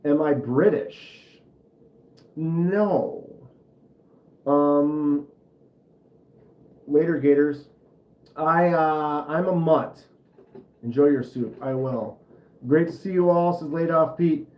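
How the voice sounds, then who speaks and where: A man's voice: on the high side, fairly even intonation, slow, pauses often, echoey room, muffled recording. A man with a Minnesota accent hosting a casual livestream, rambling and chatting back to viewer comments. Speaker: knife channel livestream host.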